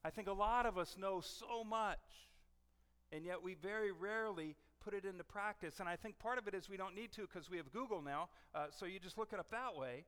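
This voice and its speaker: A middle-aged male pastor preaching a sermon in a conversational, animated way, often restarting his sentences. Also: high voice, brisk, clear, resonant tone. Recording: long reverb of a church hall.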